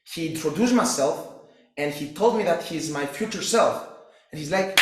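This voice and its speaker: A man's voice: fairly high pitch, animated, moderate pace. Intense young man, very echoey room. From Cyprus. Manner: intense, profane, restless delivery with restarts. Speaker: fitness coach. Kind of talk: personal story monologue.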